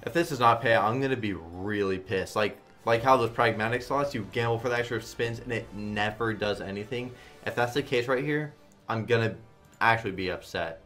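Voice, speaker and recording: A man commenting casually on a slot game stream, swearing a lot and swinging between flat muttering and loud outbursts. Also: lowish voice, normal speed, soft background music.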